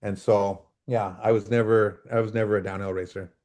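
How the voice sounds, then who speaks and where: A middle-aged man from Canada, a freeride mountain biker telling lively stories as a podcast guest over a video call and acting out the dialogue. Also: lowish voice, brisk. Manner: animated storyteller, acts out quoted dialogue. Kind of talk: casual storytelling interview.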